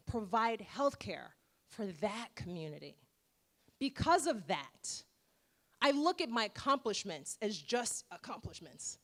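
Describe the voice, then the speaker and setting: A woman in her forties, a dentist giving an emphatic, rhetorical motivational speech with dramatic pauses at a gala. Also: a little high, a bit bright. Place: gala event room.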